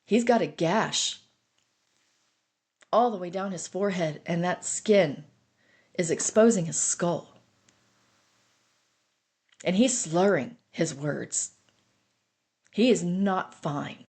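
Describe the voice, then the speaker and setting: A woman's voice: on the low side, animated, slow pace, pauses often, darkish tone, slightly rough. Earnest woman recounting a hard story. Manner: earnest, intense retelling. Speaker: storyteller sharing her own experience. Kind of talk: personal recovery story podcast.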